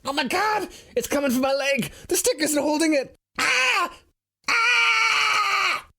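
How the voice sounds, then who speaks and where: A man voicing a high-pitched, panicky man with a Norwegian accent who yells and curses in fear. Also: sing-song, a little slow, breathy edge, no echo, studio quality, exaggerated voice. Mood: panicked yelling. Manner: yelling in fear.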